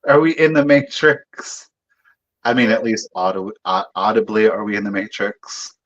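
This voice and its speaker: A man's voice: lowish voice, normal speed, fairly bright tone. A man co-hosting a live-streamed vintage sale, tossing in wry, joking asides. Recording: dull, lo-fi sound.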